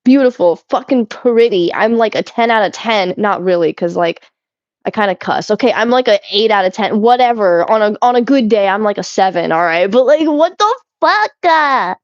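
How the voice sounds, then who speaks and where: A young woman streaming, chatting casually with her chat and swearing a lot, animated and giggly. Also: medium pitch, a little fast, no echo, muffled recording. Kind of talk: casual chat reading chat while cleaning.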